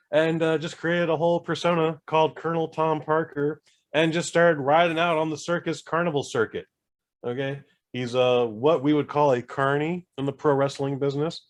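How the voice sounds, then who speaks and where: Male podcast co-host, mid pitch, chatty and rambling, casual film talk. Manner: rambling, animated storytelling with fillers. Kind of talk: casual chat.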